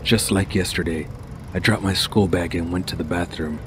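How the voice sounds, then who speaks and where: A man narrating a scripted first-person horror story in a steady, measured way. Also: low voice. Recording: noisy home recording.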